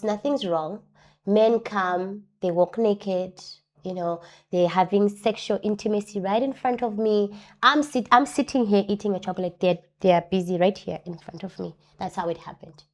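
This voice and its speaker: A woman's voice: medium pitch, normal speed. Earnest woman giving personal testimony. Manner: earnest, repeats key phrases for emphasis; acts out other people's words in lively voices. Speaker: interview guest. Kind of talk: personal testimony in a talk show interview.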